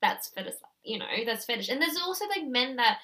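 A woman's voice: high-pitched, very animated, a little fast, pushed and bright. Young woman, podcast co-host, earnest and conversational, long run-on sentences. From Australia. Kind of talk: casual chat.

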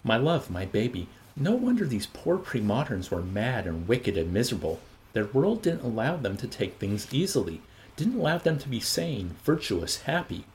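A man reading a novel aloud with an expressive, animated delivery. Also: mid-range voice, normal speed, a little hiss or hum, rough recording. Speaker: audiobook reader. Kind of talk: novel reading with voiced characters.

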